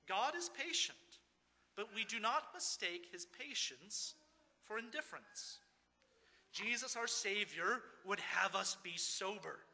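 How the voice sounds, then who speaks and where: A man's voice: sits high, sharp tone. A man preaching a sermon as pastor, earnest and rhetorical, repeating phrases and asking questions of his listeners. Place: church. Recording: long reverb of a church hall.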